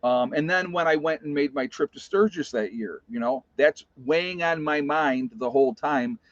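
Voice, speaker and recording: Here a fiftysomething man tells a personal story, wandering loosely with lots of "you know" and false starts. His pitch is fairly high and his pace moderate. The audio is dry and a little dull.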